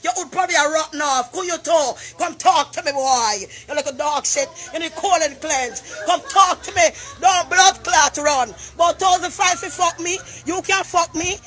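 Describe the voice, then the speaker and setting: A Jamaican woman in her forties, loudly cursing and taunting someone in a heated argument. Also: very high-pitched. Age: 40s.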